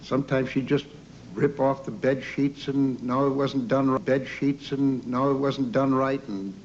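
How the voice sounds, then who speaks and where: A man's voice: medium pitch, fairly even intonation, unhurried, a little mellow. An older man telling rambling childhood stories in a conversational interview, full of fillers. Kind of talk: interview storytelling about childhood. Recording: dull lo-fi recording with faint background noise.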